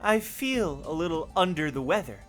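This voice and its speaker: A streamer voicing a creepy, detached girl who talks in a slow, lifeless monotone while reading game dialogue aloud. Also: mid-range voice, soft background music, voice pushed down, lightly acted.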